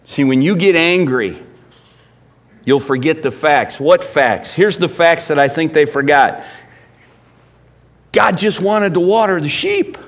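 A middle-aged man preaching a sermon as pastor, emphatic, swinging between loud bursts and hushed lines. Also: on the high side, animated, a little slow, pauses often.

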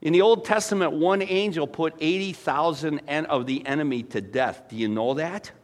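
A man preaching a sermon, telling stories with big swings from quiet, low passages to loud, excited ones. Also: moderate pace. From former dairy farmer. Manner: animated storytelling, swings from soft to loud. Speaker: pastor.

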